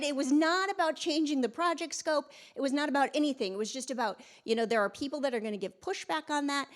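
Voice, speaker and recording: A woman with a fairly high voice speaks at a conference, energetic and emphatic. She restarts her sentences and drops in frequent fillers as she goes. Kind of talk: conference talk.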